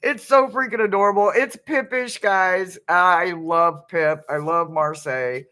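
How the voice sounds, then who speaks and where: A man's voice: high voice, a little slow, sharp tone. A man tarot reader on a live stream, laughing almost nonstop and exclaiming giddily while unboxing a deck.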